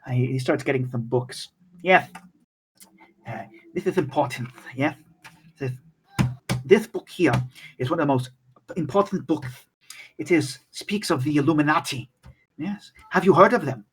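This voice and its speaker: A man voicing a frail, excitable old male scholar with a malformed mouth, who is fussy, stammers, and keeps saying "yes". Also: fairly high pitch, moderate pace, long pauses, a little hiss or hum, lightly acted, low-quality recording. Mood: conspiratorial.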